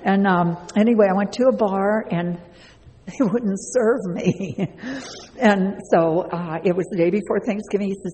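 A woman's voice: mid-range voice, a little slow, dark tone, a little hiss or hum. A woman giving a chatty personal testimony to a live audience, laughing often and speaking to listeners directly. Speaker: speaker sharing a recovery story. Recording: long hall reverb.

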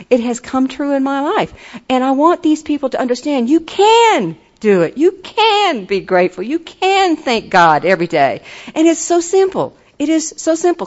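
A woman's voice: mid-range voice, muffled recording. An older woman giving an earnest, folksy personal testimony at a recovery meeting. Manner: earnest, folksy, turns enthusiastic and laughing.

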